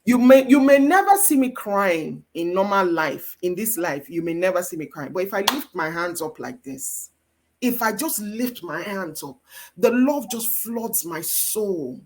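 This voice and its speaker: A woman's voice: mid-range voice, lively intonation, unhurried, a little hiss or hum. A woman with a Nigerian accent giving a faith-based marriage teaching as guest mentor, with an emphatic, preacher-like delivery.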